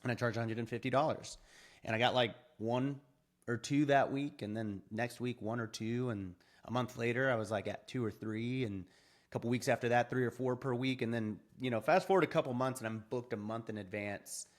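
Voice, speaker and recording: Young adult man, podcast guest, lively casual storyteller, medium pitch. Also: fairly quick. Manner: animated, acts out quoted dialogue with laughs.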